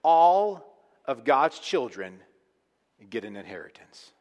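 A man's voice: medium pitch, big pitch swings, takes it slowly. Earnest preacher man in a big echoing hall. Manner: earnest, emphatic, swinging from quiet to loud. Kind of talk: sermon. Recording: long reverb of a large hall.

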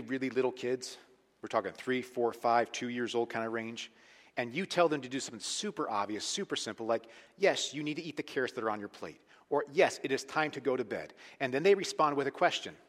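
Bright-voiced pastor in a reverberant hall. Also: male voice, medium pitch. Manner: conversational, emphatic, swings from loud to hushed. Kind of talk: sermon.

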